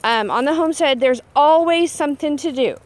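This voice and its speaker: A woman's voice: high-pitched, brisk. A woman in her thirties chatting casually in a garden, giving a bossy, self-teasing pep talk while working outdoors on camera. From Texas. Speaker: homesteading vlogger.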